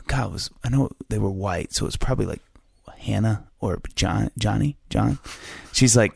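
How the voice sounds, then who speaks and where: A man in casual conversation, telling lively stories and acting out the voices of the people in them. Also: lowish voice, normal speed, vocal fry, husky, no room sound, clean studio sound. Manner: animated storyteller, acts out quoted voices.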